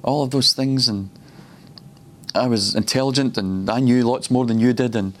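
A man's voice: mid-range voice, moderate pace, a little hiss or hum. A man preaching at a ministry school, personal and reflective, often laughing between points.

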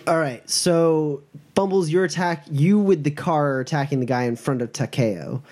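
A man running a tabletop game as game master, narrating with many pauses and filler sounds. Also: a little high, noisy background.

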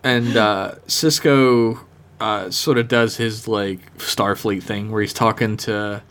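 A man's voice: fairly low pitch, fairly even intonation, a bit bright. A man co-hosting a podcast, chatting casually and jokily about a TV episode, swearing and mimicking characters. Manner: laughing, swearing, acting out lines in quick put-on voices. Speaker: podcast co-host. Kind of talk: casual chat recapping a TV episode.

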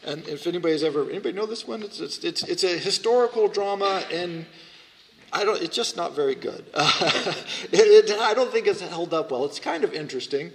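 A man's voice: high-pitched, lively intonation, brisk. A man giving a classroom lecture in a conversational, rambling way, with frequent restarts and fillers. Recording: hall reverb, faint background noise.

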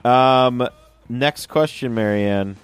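A man's voice: medium pitch, takes it slowly, clear, resonant tone. A young man co-hosting a casual podcast chat, rambling with lots of fillers. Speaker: podcast co-host.

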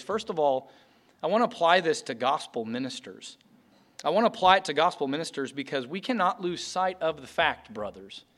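A man pastor delivers an earnest, emphatic sermon in a church sanctuary, his voice sitting a little higher than most men's. He presses his points hard and often stumbles over the start of a phrase before pushing on. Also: a bit bright. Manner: earnest, emphatic preaching with repeated restarts.

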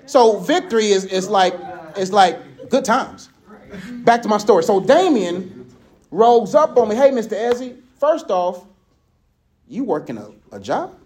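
A man giving a casual sermon, telling stories in an animated, conversational way and laughing often. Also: high voice. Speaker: speaker.

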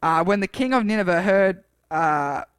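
A man's voice: high voice, animated, moderate pace, clear, resonant tone, no echo, clean studio sound. Man reading scripture in a casual sermon. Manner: reads scripture aloud with dramatic shouts for quoted lines, chatty asides. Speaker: preacher.

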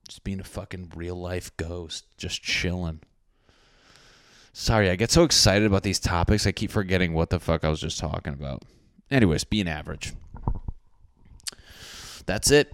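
A man with a low, deep voice rambles through a comedic monologue, swearing freely and mocking himself. His energy is excitable and loose. The sound is close and dry, with no room around it. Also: normal speed, pauses often, smooth, dry recording. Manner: profane, excitable, self-mocking.

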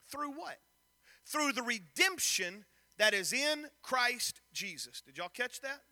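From a church pulpit, a male pastor preaches in a very high, bright, cutting voice, reading scripture and firing questions at his congregation. He speaks slowly with lively intonation, and the sanctuary's long reverb trails after every phrase.

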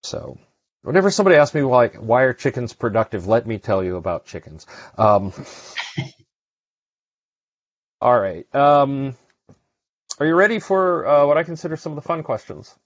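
A man's voice: mid-range voice, very animated, normal speed, long pauses, no room sound. A man hosting a podcast, chatting casually and rambling with lots of fillers and restarts. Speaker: podcast host. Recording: dry, dull lo-fi sound.

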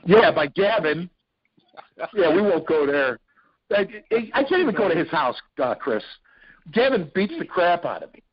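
Animated storyteller man, dull lo-fi sound. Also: sits high, takes it slowly, long pauses, slightly rough. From Ohio, US. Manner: animated, excitable storyteller with frequent fillers. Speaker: radio show guest. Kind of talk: casual storytelling interview. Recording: dull lo-fi podcast audio.

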